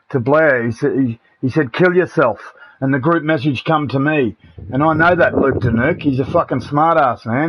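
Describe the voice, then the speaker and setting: A middle-aged Australian man chatting on a live game stream, blunt and aggrieved, swearing freely and calling everyone mate and bro. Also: mid-range voice. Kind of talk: casual live-stream chat with party members. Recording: muffled, noisy home streaming mic.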